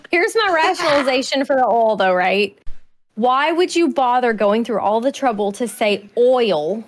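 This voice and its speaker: A woman's voice: on the high side, measured pace, long pauses, slight background noise. Chatty Southern woman. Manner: chatty and laughing, animated when excited. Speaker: podcast co-host. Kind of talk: casual chat.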